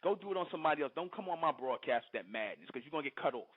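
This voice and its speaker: Heated radio host guy ranting at a caller, kinda high voice, phone-line tinny sound. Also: animated, rapid-fire, breathy edge. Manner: combative, scolding, repetitive lecturing. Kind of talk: heated call-in radio rant.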